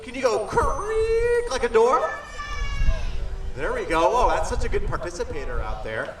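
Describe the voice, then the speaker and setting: On an outdoor amphitheater stage, a man works as a children's entertainer, telling an interactive story full of playful sound effects. His voice is high and swoops wildly in pitch at a normal speed. The recording echoes off the stage, with him far from the mic.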